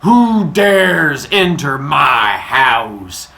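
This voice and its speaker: A man voicing a sun god father who booms slowly and grandly. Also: expressive, bright, forceful tone. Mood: booming. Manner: slow, booming and grand. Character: booming slow-speaking sun god father.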